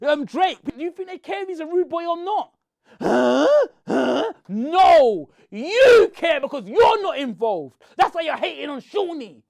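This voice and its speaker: A man, shouting and confronting someone in a heated rant to camera. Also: very high-pitched, big pitch swings, unhurried, gravelly. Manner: shouting, confrontational, repeats "bro". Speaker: online commentator.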